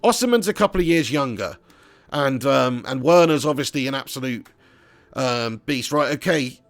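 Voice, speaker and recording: A man's voice: mid-range voice, expressive, moderate pace, no room sound. A man streaming a football management game live, chatting casually and rambling, laughing as he reads the chat at home. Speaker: gaming streamer.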